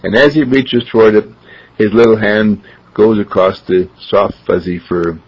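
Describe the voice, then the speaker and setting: A man telling a gentle, unhurried story. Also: lowish voice, steady tone, husky. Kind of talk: spoken storytelling. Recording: dull lo-fi recording.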